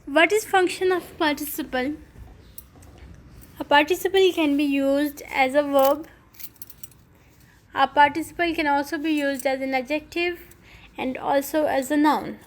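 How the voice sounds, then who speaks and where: A woman teacher giving a recorded English grammar lesson, explaining slowly and carefully and spelling out letters. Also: high-pitched, steady tone. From Pakistan.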